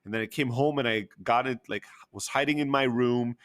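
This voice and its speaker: A man's voice: medium pitch, a little fast, a bit bright. Man, open and emotional, casual storyteller with fillers. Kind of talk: candid personal storytelling.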